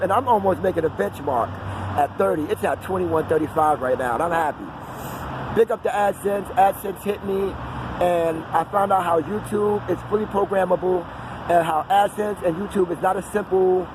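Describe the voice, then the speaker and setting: A man, rambling on in an unscripted outdoor vlog and drifting off into fillers. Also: high voice. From New York City. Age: 40s. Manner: digressive, talkative, trails off into fillers. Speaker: vlogger. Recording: outdoor street noise and traffic.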